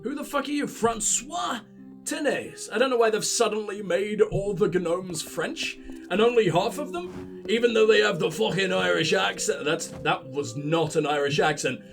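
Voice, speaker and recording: A man's voice: high voice, animated, normal speed, gravelly, fairly bright tone, soft background music. A man hosting a let's play, giving casual gameplay commentary full of profanity and mocking jokes.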